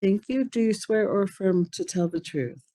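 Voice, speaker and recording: A woman's voice: mid-range voice, expressive, moderate pace, warm tone. A woman running a public hearing, polite and businesslike as she swears in commenters. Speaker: hearing officer. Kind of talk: formal procedural.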